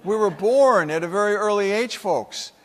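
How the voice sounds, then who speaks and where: A man's voice: high voice, animated, normal speed, fairly bright tone. A man giving a humorous, emphatic motivational keynote speech at a conference, full of stories. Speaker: keynote speaker. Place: conference hall. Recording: echoey conference hall.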